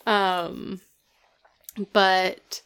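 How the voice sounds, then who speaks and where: A woman's voice: medium pitch, flat delivery, extremely slow, fairly bright tone, smooth. A woman co-hosting a casual chat, recapping a TV episode in a chatty way with lots of "like.". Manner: chatty, acts out quoted lines, lots of "like". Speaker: podcast co-host.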